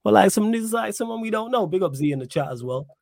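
A young man hosting a casual live-stream podcast, lively and slangy as he answers the chat. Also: high voice, fast talker, creaky. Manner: animated, reads chat aloud, slangy. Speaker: podcast host.

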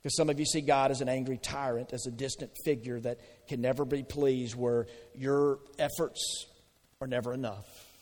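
A man's voice: medium pitch, fairly even intonation, moderate pace, a little mellow, in a large hall. A man preaching a sermon in a conversational way, asking the congregation questions and answering them. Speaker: pastor.

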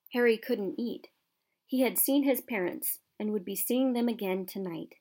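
Soft-spoken woman reading a storybook. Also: mid-range voice, normal speed. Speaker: audiobook narrator. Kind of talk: storybook narration.

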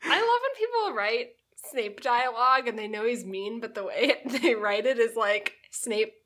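A woman's voice: a little high, lively intonation, normal speed, fairly bright tone. A woman co-hosting a podcast in casual chat who laughs often and reacts eagerly. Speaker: podcast co-host.

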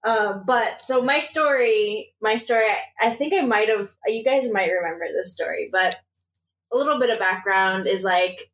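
A woman's voice: mid-range voice, moderate pace, low-quality recording. A young woman from Illinois co-hosting a casual podcast, telling a story with lots of laughter and swearing. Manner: animated, laughing, swearing freely. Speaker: podcast co-host.

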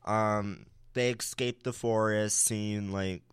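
Chatty young man with a low smooth voice. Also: fairly even intonation, takes it slowly, no echo, clean studio sound. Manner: chatty, laughs often, sassy asides. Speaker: podcast co-host. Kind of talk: casual chat recap.

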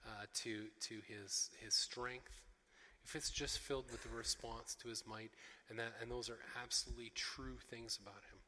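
Male pastor, earnest emphatic sermon, bright tone, reverberant sanctuary. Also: medium pitch. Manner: earnest, emphatic preaching with many fillers and repeated phrases.

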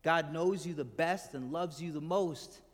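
Male pastor, high-ish voice, conversational sermon delivery with soft trailing endings, reverberant sanctuary. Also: unhurried. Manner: conversational, asks the congregation questions; drops to a soft low voice at the end of phrases. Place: church hall with congregation. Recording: hall reverb from the room.

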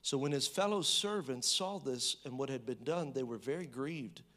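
A man preaching a sermon, swinging between loud emphatic bursts and hushed, low reading of scripture, with conversational asides and restarts. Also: normal speed.

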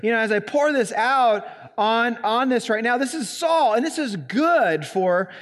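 A man with a Southern Indiana accent preaching a sermon in a church, stressing single words with long pauses. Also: very high voice, animated, a bit bright, in a large hall. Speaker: pastor. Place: church sanctuary.

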